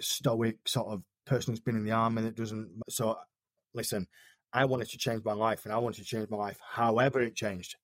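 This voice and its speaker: A man from the United Kingdom, an interview guest, telling a personal story in an earnest, halting way with frequent restarts. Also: mid-range voice, no echo, clean studio sound.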